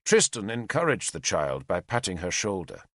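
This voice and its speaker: A man's voice: deep voice, wildly swooping pitch, moderate pace, fairly bright tone, dry recording, studio quality. A man narrating an audiobook expressively, voicing every character. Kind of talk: scripted narration.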